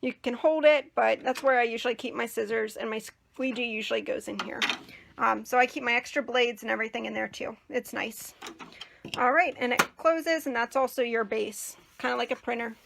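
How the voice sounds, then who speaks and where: A young woman hosting a casual crafting tutorial, chatty and rambling with many fillers, and a bit hoarse as she is losing her voice. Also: a little high, normal speed, background noise. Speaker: crafting channel host.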